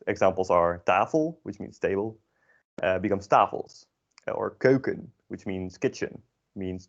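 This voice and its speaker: Low-voiced man teaching, dull lo-fi sound. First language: Dutch. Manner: hesitant, with many fillers and self-corrections. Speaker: Dutch language teacher. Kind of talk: informal classroom lesson. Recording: dull lo-fi classroom recording.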